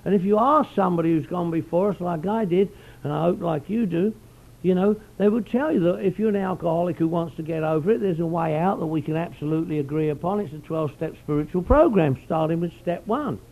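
A man's voice: fairly high pitch, fast talker, gravelly, phone-quality sound. A middle-aged man speaking at a recovery meeting, telling his story in a rambling, folksy way. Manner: rambling, folksy, peppers speech with "you know". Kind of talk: personal storytelling talk.

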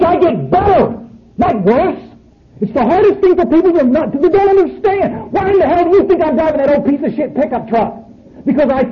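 A man, speaking bluntly and profanely to a room full of people at a recovery meeting. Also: very high voice. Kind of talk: speaking to an audience. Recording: muffled recording with faint noise.

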